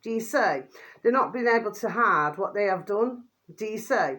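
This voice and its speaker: A woman's voice: animated, fairly bright tone. Rambling woman. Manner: rambling, full of fillers and repeated tag questions; drops pet phrase "my delicious babies" in a quick low aside. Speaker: vlogger commenting on videos. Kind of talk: rambling casual commentary.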